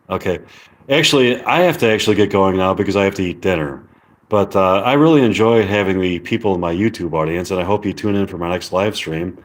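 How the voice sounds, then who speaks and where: A man on a casual live stream, reading viewer comments aloud in a halting way. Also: low voice.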